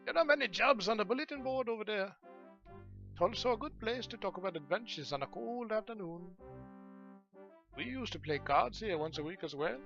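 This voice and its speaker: A man voicing an old, friendly, hard-of-hearing male guildmaster in a video game, with a wobbly put-on foreign accent and slow, drawn-out speech. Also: high voice, expressive, fairly bright tone, highs cut off, faint music behind, pitched above the performer's own voice. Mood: welcoming.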